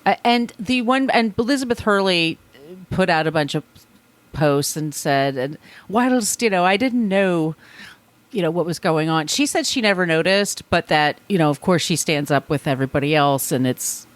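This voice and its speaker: A woman co-hosting a casual podcast, chatting and reading a statement aloud, with profane asides and quick apologies. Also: fairly low pitch, animated, no room sound. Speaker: podcast co-host.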